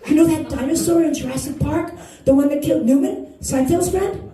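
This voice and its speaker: A woman's voice: sits high, a little fast. A woman in her sixties from Wisconsin performing a stand-up comedy set, self-mocking and laughing through her lines. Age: 60s. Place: bar comedy stage. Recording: roomy bar sound from far off, crowd laughter. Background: audience laughing.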